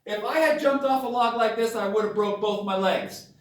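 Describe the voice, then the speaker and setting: A father telling a personal story to his camera in a dramatic, excitable way, with sudden bursts of yelling. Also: high voice, normal speed. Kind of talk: animated story time on camera. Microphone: camera mic at a distance. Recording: very echoey room, voice far from camera.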